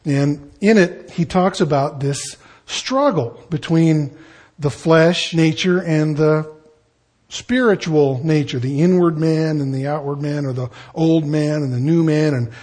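A man's voice: fairly high pitch, unhurried, a little mellow. A man preaching an expository sermon in a conversational way, with asides and shifting emphasis. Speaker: pastor.

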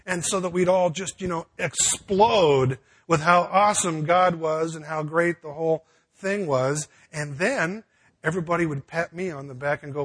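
A man's voice: on the high side, moderate pace, a bit bright, breathy edge. A man preaching a sermon in a conversational, folksy way, with frequent restarts and casual asides. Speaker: pastor.

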